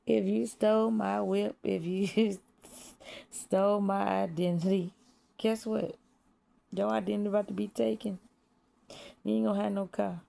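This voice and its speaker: A woman's voice: mid-range voice, little pitch movement, measured pace, gravelly, pauses often, mellow. A woman in a casual spiritual monologue, talking bluntly and profanely, laughing at her own jokes and sometimes dropping to a whisper. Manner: drops to whispers at times. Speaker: vlogger.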